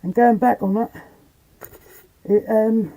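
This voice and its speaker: A woman's voice: on the high side, fairly even intonation, slow, warm tone, rough recording. A woman chatting bluntly and casually on a live stream from the attic of an old house as a paranormal investigator.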